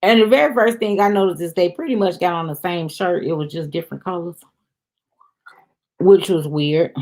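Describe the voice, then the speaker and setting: A woman's voice: lowish voice, normal speed, a little mellow. A woman hosting a review show, chatting casually through an episode recap and talking straight to her viewers. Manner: chatty, addresses viewers as "y'all".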